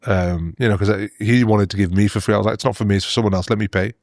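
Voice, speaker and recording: Earnest doctor, flat low voice. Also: male voice, no room sound, clean studio sound. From Australia and the UK. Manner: earnest, halting, many restarts and "you know" fillers. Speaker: doctor guest. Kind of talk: interview storytelling.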